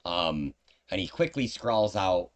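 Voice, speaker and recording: A man's voice: sits low, animated, slow. A man narrating as the game master of a tabletop game, in a loose, chatty way with fillers.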